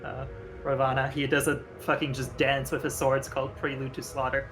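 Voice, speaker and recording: A man's voice: medium pitch, completely flat delivery, moderate pace, background noise. A man chatting casually while streaming a game with friends, rambling with fillers and laughing often. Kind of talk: casual gaming chat.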